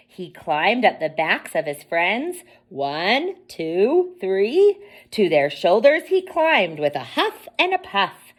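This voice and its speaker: Slow, expressive woman reading to kids. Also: mid-range voice. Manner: expressive, asks listening children questions. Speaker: storyteller. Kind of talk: children's story time reading.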